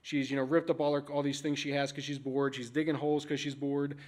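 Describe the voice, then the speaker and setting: A man giving a conference talk as an animal services manager, telling stories in a casual, frank, animated way. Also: medium pitch, quick pace. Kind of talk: conference presentation. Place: conference stage.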